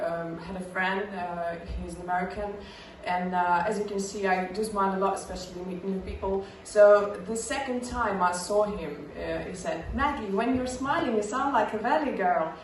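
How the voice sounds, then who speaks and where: A woman's voice: medium pitch, steady tone, normal speed, few pauses, heavy reverb, recorded from a distance, slight background noise, rough recording. A young woman from Russia with a British accent, a stand-up comedian doing her set in a chatty, self-mocking way, full of small fillers.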